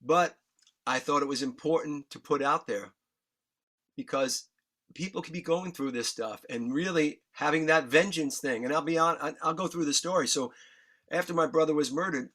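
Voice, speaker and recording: A man's voice: fairly high pitch, a bit bright. Emotional New man telling his story. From New York. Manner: earnest, candid, swears freely, emotion audible in voice. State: choked up. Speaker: guest musician.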